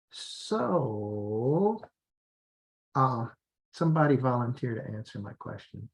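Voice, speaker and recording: A man, an English teacher, explaining classroom methods in a relaxed training talk, repeating drill phrases and restarting often. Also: medium pitch, slow pace, pauses often.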